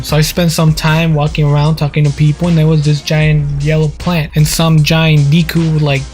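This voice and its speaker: A man's voice: on the high side, level tone, normal speed, few pauses, a little mellow, soft background music. A man casually narrating his gameplay in a rambling, joking way. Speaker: gaming video host.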